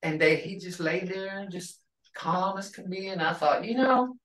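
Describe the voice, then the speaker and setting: A woman's voice: on the low side, animated, moderate pace, far from the mic. Older woman teaching in an echoey room. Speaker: language instructor. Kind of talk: casual storytelling in a class. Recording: roomy sound from off the mic.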